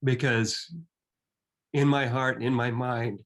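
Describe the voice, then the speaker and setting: A man in his fifties shares a personal story in a plain, mid-pitched voice. He speaks earnestly and reflectively. His phrases come in halting bits, with frequent restarts. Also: level tone.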